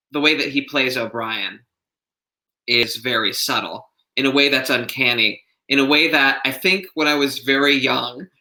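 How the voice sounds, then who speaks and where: Bright, rambling man in an echoey room. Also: medium pitch. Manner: rambling, filler-heavy, thinking aloud. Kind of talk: casual discussion. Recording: roomy echo.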